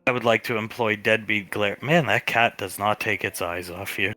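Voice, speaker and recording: A man with a bright, forceful tone, recorded close and dry. He plays a tabletop role-play in a playful, joking way. Faint music runs underneath. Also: lowish voice, fairly even intonation, normal speed, no echo. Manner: playful, tosses in joke ideas and cat noises. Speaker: tabletop game player.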